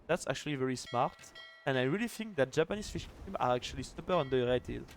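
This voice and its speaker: A man's voice: mid-range voice, lively intonation, fast talker, a little hiss or hum. A young man casting a live strategy game final, chatty and joking, with lots of "like" fillers. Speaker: esports caster.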